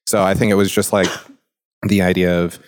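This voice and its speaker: Speaking a little fast, this very low-voiced man, a podcast co-host and youth mentor, keeps things loose and full of "like" fillers. He puts open questions to his co-hosts in a flat, steady tone during a relaxed chat.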